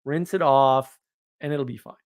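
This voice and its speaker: A man's voice: medium pitch, normal speed, smooth, no room sound, studio quality, natural voice. A man quoting a laid-back big guy. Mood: offhand. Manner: offhand, dismissive.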